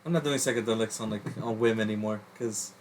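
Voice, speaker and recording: A stoned man rambling along on a casual podcast, easygoing and full of fillers. His pitch sits in the middle range. Faint background noise hums behind him. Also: quick pace. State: high on cannabis. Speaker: podcast co-host. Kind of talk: casual chat.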